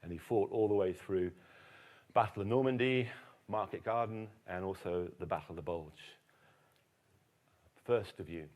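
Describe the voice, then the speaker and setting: An English man with a low voice giving a lively, humorous lecture as keynote speaker at a conference. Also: normal speed, pauses often. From England. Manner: lively storyteller, dry self-mocking humor. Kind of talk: lecture to a live audience. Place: conference hall.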